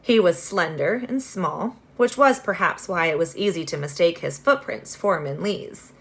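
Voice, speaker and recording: A woman reading a children's novel aloud, expressive, with casual asides to her listeners. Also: on the low side, moderate pace. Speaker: reader.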